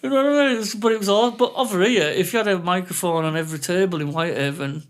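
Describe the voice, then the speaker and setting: A man with a high voice co-hosts a podcast in casual chat, talking at a quick pace. He swears freely and laughs often.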